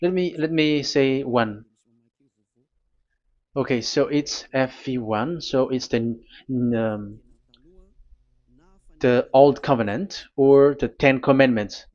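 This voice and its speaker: Man, preacher, halting teaching sermon, mid-pitched voice, muffled lo-fi recording. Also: darkish tone. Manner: halting, repeats words, talks to a technician.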